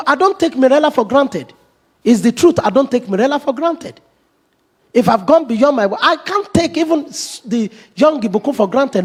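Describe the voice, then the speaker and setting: A middle-aged man, a pastor, preaching an animated sermon, acting out quoted voices and laughing often. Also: extremely high pitch, husky.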